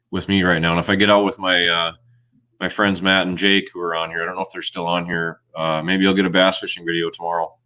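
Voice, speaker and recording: A low-voiced Minnesota man with a sharp tone joins a livestream as a guest outdoors video creator. He chats casually about his outdoor videos, speaking haltingly and loosely with lots of fillers and restarts.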